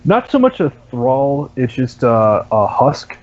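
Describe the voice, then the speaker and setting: A man's voice: mid-range voice, very animated, takes it slowly, a little mellow, dull audio. A man narrating as game master for a tabletop game, casual and full of fillers. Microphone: online voice chat mic.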